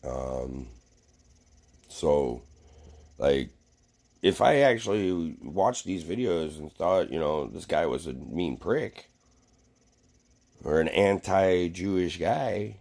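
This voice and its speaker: A man's voice: sits low, lively intonation, slow, creaky, pauses often, a little mellow. A man vlogging a casual, rambling rant to camera, swearing freely and full of fillers and restarts.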